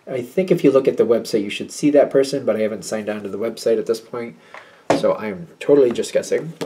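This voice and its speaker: A man's voice: fairly low pitch, quick pace, background noise. A man doing a casual tarot card reading, chatty and thinking aloud with many fillers. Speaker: tarot reader.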